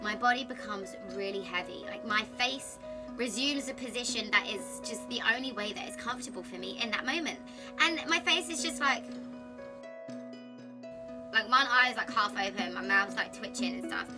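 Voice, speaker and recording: A young woman, telling a personal story to camera in a chatty, candid and expressive way, sitting on a sofa at home. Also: mid-range voice, normal speed, music in the background. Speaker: vlogger.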